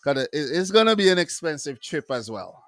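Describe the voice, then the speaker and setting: A man hosting his own football review channel, talking casually and loosely, full of asides and shout-outs to viewers. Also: on the high side, big pitch swings, moderate pace, dry recording, clean studio sound. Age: adult with wife and three kids.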